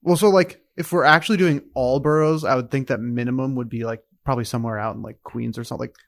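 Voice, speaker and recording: A man's voice: medium pitch, fairly even intonation, fast. An easygoing man chats casually on a podcast, often answering with short agreements. The recording sounds dry and close, with no room echo.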